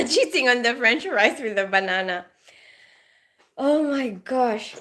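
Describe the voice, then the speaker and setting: A woman's voice: on the high side, animated, slow, fairly bright tone. Giggly woman chatting on a livestream. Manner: giggly, greets viewers by name, laughs often. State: just woke up after night shifts. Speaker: nurse livestreaming to viewers. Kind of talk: casual live-stream chat.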